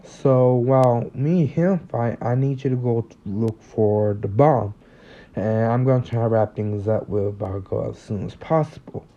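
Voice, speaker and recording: Male narrator voicing a nervous teenage boy hero; hesitant, halting, muffled lo-fi sound. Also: mid-range voice, dark tone, close to an everyday voice. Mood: earnest. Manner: hesitant, stumbling, self-correcting. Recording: slightly muffled lo-fi recording.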